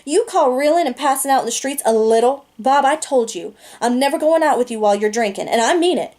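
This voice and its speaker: A proud teenage girl with a crisp, pointed way of speaking, her voice lifted noticeably above the reader's usual level, as a woman reading a novel aloud puts her on. The lines are read plainly, storybook style, with only a light shift in tone. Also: a little fast, dark tone, lightly acted. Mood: indignant. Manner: higher, pointed delivery. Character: sharp-tongued teenage girl, cool and proud.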